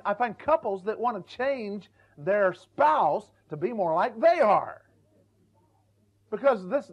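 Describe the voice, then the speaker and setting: A middle-aged male preacher giving a folksy, humorous church sermon, stumbling over repeated words and acting out quoted voices. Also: sits high. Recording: dull lo-fi church recording.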